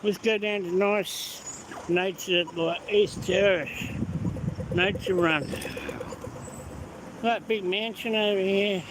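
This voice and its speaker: A man's voice: high-pitched, steady tone, slow, long pauses. A man chatting casually on a live stream as he walks city streets, answering viewer comments. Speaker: vlogger. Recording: street noise behind phone audio. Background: traffic and street noise.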